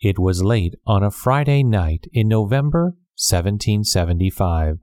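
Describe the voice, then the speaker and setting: Low, mellow male storybook narrator. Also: animated, dry recording. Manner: measured, clear reading with character voices. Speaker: audiobook narrator.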